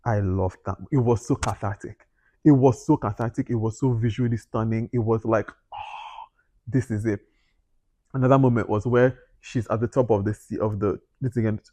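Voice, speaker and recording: A man's voice: fairly low pitch, steady tone, brisk, dark tone, no room sound. A man giving a casual, rambling movie review, acting out his own reactions with sudden gasps and exclamations. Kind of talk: casual spoken film review.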